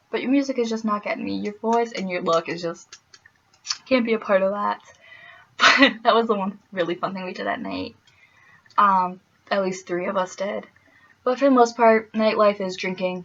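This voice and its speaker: A woman's voice: mid-range voice, fairly bright tone, lo-fi sound. A young woman from the American Midwest chatting casually in a vlog, laughing often and full of fillers. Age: young adult. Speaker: vlogger.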